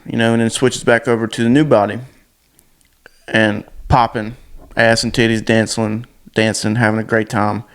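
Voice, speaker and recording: A man's voice: on the low side, little pitch movement, normal speed, smooth. A man casually recapping a movie plot in a rambling, blunt and crude way, full of fillers.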